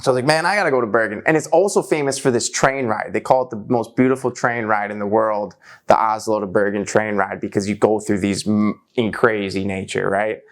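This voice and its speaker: Animated young man telling a story. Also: lowish voice, a little fast. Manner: animated, slangy, lots of "like" and "bro". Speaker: musician and guest. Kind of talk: casual storytelling chat.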